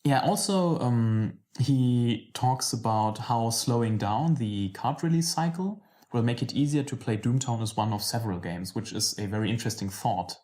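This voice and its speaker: A man's voice: mid-range voice, normal speed, few pauses, mellow. A man co-hosting a casual game podcast, chatty and laughing often while reading out listener mail. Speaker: podcast co-host.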